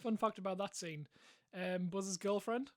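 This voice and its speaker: A man's voice: high-pitched, no echo, studio quality. A man co-hosting a casual film chat who mostly chips in with short remarks and trivia. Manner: quick interjections and fun facts. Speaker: co-host.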